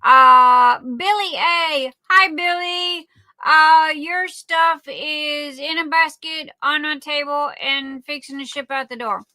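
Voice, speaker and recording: A woman's voice: high-pitched, slow, dry recording. A woman hosting a livestream, greeting viewers by name in a chatty way and calling them darling. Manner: warm chatty shout-outs, calls viewers darling. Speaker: livestream host.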